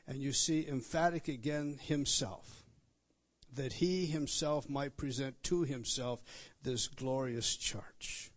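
Emphatic pastor preaching. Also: male voice, on the high side, slow. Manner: repetitive, emphatic teaching, pointing out words on a text; restarts and stresses words, rising loud on key points. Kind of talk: expository sermon.

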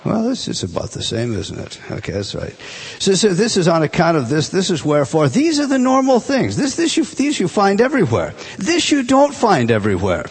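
A man teaching a Bible class, emphatic and animated, restarting phrases often as he explains a text. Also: high-pitched, a little fast, husky.

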